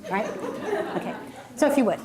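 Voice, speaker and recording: A woman coaching a live group on voice, speaking energetically and dropping into sudden high and low demonstration voices. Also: a little fast, a crowd in the background. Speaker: voice and presentation coach. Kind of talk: workshop talk to a live audience.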